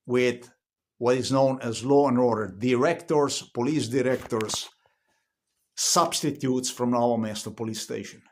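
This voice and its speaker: A man, filming himself at home in an agitated, profane rant, repeating himself. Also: mid-range voice. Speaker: vlogger. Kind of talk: angry filmed rant. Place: inside his house.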